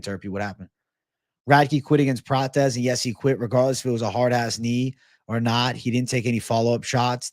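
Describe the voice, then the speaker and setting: A man's voice: medium pitch, darkish tone, dry recording. Young male streamer, casual and profane, reading chat questions aloud and answering them, close and dry. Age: 20s. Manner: laid-back, swears often, reads chat aloud. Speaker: host of a livestream Q&A.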